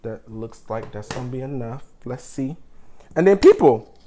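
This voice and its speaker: A man's voice: mid-range voice, lively intonation, moderate pace, heavy background noise. A young man hosting a live cooking show, chatty and playfully boastful, calling his viewers "people" as he talks them through the steps. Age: young adult. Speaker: home cook host.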